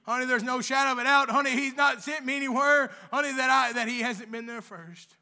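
A man preaching a fervent sermon in church, repeating "honey" over and over and rising into shouts. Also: extremely high pitch, fairly even intonation, a little fast. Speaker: lay preacher.

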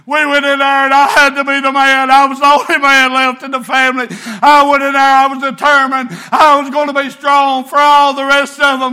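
A man preaching a sermon, fervent and emotional, often shouting. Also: extremely high pitch, monotone, a little fast, few pauses.

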